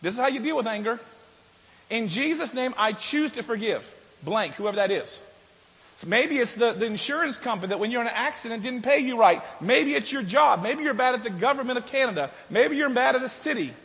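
High-voiced man preaching in a hall. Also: animated, quick pace. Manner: conversational preaching, with restarts and shifts from loud to soft. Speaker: pastor. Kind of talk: sermon.

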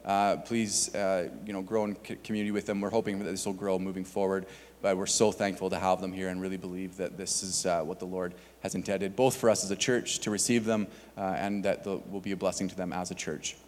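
A man's voice: deep voice, flat delivery, brisk, darkish tone, a little hiss or hum. A man on a church staff giving casual announcements to the congregation, with many filler words. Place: church sanctuary. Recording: long hall reverb.

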